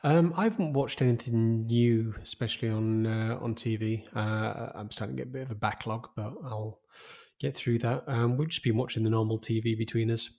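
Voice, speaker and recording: A man's voice: mid-range voice, fairly even intonation, moderate pace, hardly any pauses, darkish tone. A man co-hosting a podcast in casual chat, easygoing and steering the conversation. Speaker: podcast co-host.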